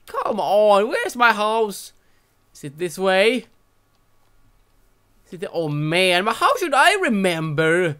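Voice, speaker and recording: A man narrating a gameplay session in a loose, unhurried way, dragging his words out. His voice swoops up and down as he mutters and exclaims to himself in exasperation. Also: a little high. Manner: animated, exasperated self-talk with frequent exclamations. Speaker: gaming channel host. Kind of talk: let's-play gameplay commentary.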